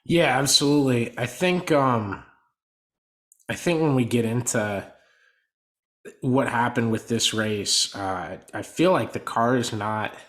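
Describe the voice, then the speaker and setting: Man, podcast co-host, casual sports chat, volume rising and falling, mid-pitched voice. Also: slow pace. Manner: animated, volume swings up and down.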